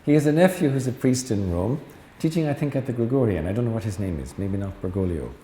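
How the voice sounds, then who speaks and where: A man's voice: medium pitch, expressive, fast talker, dark tone. A middle-aged Irish man, a Jesuit priest, giving a chatty lecture full of anecdotes and teasing asides to the audience. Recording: echoey hall with faint noise.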